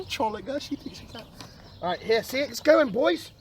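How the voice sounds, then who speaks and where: A young man streaming a casual outdoor vlog, excitable and chatty, who keeps calling his viewers boys and swings between mumbling and yelling. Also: extremely high pitch, a little fast, slight background noise. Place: outdoor garden.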